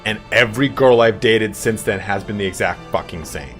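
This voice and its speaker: A man's voice: on the low side, normal speed, a bit bright, faint music behind. A young man from Southern California, chatting casually and rambling while he streams a game, swearing freely. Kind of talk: casual live gameplay stream chat.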